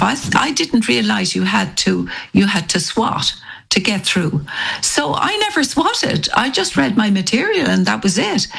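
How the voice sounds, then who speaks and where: An older woman with an Irish accent tells her story with lively energy, acting out the voices of the people she quotes. Her voice carries a gravelly, creaky edge. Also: on the high side. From Ireland. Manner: animated, acts out quoted voices. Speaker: guest. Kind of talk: storytelling in an interview.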